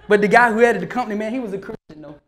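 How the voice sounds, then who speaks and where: A man tells a story live as a motivational speaker, lively and full of slang, often laughing and acting out what other people said. His voice is high-pitched and very fast.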